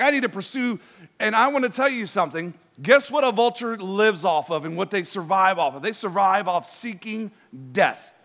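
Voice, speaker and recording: A man preaching a sermon as pastor, animated, swinging from soft asides to loud, emphatic bursts. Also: high voice, in a large hall. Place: church sanctuary.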